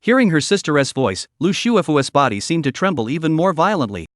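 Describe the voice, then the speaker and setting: A man narrating a comic story recap in a scripted, lively storytelling manner. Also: on the high side, a little fast, no room sound, studio quality.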